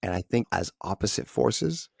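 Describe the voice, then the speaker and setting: Brief: low, gravelly-voiced man co-hosting a podcast, animated opinions, dry close recording. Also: no room sound. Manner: quick, animated film opinions. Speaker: podcast co-host. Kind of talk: casual chat.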